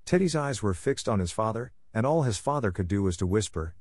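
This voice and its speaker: A man reads a classic story aloud in a steady, clear manner for English learners. His voice is fairly low. The recording is dry and close, with no room sound. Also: brisk, few pauses, no echo. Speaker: audiobook narrator.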